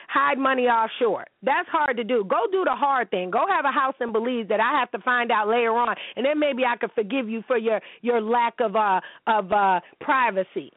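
A woman's voice: on the high side, a little fast, hardly any pauses, no echo. A woman in her forties hosting a show, ranting bluntly and cursing freely from home. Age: 40s. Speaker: show host. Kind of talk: casual monologue commentary. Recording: tinny phone-like line, dry.

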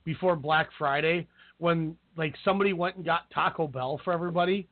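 A man with a high, light voice chats loosely on a call-in podcast, laughing and wandering through his stories. The sound is thin and tinny like a phone line, dry and close with no room around it. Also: a little fast, no echo. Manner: laughing, rambling storyteller. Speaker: podcast co-host. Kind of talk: casual chat.

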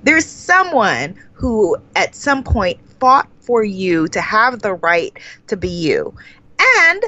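A woman guest in a casual podcast interview, telling a story and acting out her own reactions with big, excited jumps in her voice. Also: medium pitch, takes it slowly, highs cut off.

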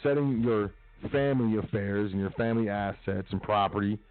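A man's voice: on the low side, steady tone, brisk, faint music behind. A man hosting a talk radio show, speaking casually and emphatically and repeating his phrases. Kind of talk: motivational talk radio monologue. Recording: tinny phone-like line, dry.

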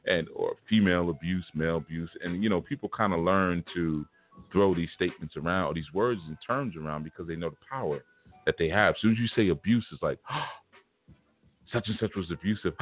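A man giving a casual spiritual lecture, talking in a blunt, punchy, confrontational way. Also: low-pitched. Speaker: spiritual teacher. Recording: tinny phone-like sound with faint music.

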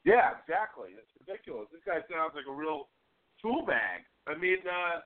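A man's voice: sits high, very animated, a little fast. A man in casual podcast chat, joking and reacting with animation. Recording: tinny phone-like sound.

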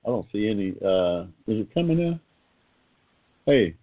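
A man's voice: fairly low pitch, sing-song, fairly quick. Older man hosting over a phone line. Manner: rambling, folksy, chatty. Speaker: host. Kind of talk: casual internet radio talk.

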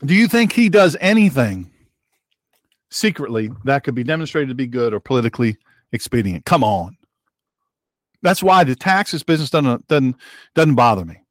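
A man's voice: very animated, moderate pace, long pauses, no room sound. A man hosting his own broadcast, giving emphatic political commentary with heated repetition. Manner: heated and emphatic, with sharp pitch jumps and repetition. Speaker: host of an online broadcast.

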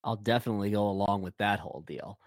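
On a podcast, a male co-host talks hockey casually, rambling fast in a low voice with frequent fillers and constant sentence restarts. The recording is dry and close, with no room sound or echo.

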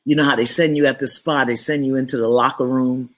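A woman hosting a monthly spiritual gathering over a live video stream, greeting her listeners warmly and stretching out words for emphasis. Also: very deep voice. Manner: lively, affectionate greetings with drawn-out emphasis. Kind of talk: livestream welcome and spiritual talk.

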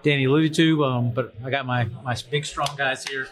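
A man's voice: medium pitch, steady tone, a little fast. A man hosting a casual livestream panel of fire instructors at a conference, joking and rambling with lots of fillers and restarts. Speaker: host, fire service instructor. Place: trade conference venue.

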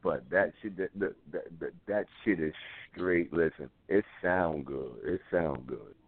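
A man's voice: rumbling low, measured pace, background noise. A man co-hosting a call-in talk show, blunt and repetitive, talking in street slang. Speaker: co-host. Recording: tinny phone line.

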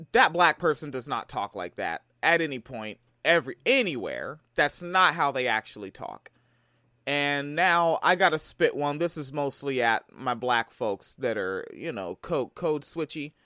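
A man's voice: mid-range voice, animated, a little slow, sharp tone, dry recording, studio quality. A man from Tacoma giving a profane, heated reaction commentary. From Tacoma, Washington. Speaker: video commentator.

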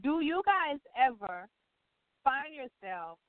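Co-host: blunt, teasing woman, slightly high voice, tinny phone-line sound. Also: big pitch swings, slow pace, dry recording. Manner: blunt, teasing, trips over names. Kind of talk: casual chat.

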